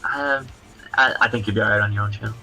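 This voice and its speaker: A man, a comic book creator guesting on a livestream, chatting casually in halting, rambling explanations. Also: fairly low pitch, gravelly, crowd noise, rough recording.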